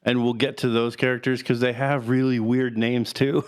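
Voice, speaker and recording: A man co-hosting a podcast, talking casually about a film in a rambling, halting way and laughing now and then. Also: medium pitch, little pitch movement, clear, resonant tone. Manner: rambling, halting, laughs through sad moments. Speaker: podcast co-host.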